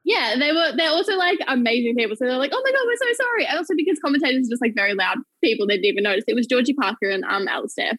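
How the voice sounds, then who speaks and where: A young Australian woman, a journalist appearing as an interview guest, races through work stories with hardly any pauses, bubbly and often laughing, saying "like" a lot. Her voice is fairly high and a bit bright. The audio is poor, with no room sound, and the talk is a casual chat.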